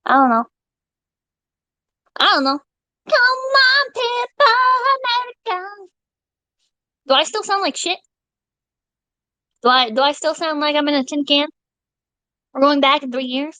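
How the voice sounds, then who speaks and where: A woman streaming live, chatting casually with her viewers in an excitable, rambling and profane way, reading out donations. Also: sits high, no echo, rough recording.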